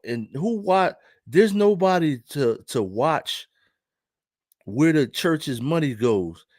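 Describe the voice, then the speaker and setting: A man's voice: fairly high pitch, darkish tone, no room sound, studio quality. Chatty Philadelphia man telling a story. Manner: loose, repetitive, keeps asking "right?". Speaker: vlogger. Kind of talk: casual storytelling commentary.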